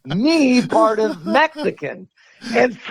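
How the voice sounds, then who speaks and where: A man telling a story in a casual, animated way, often laughing and restarting his sentences. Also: high-pitched, slow pace, creaky, a crowd in the background, poor audio. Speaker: martial arts instructor, podcast guest.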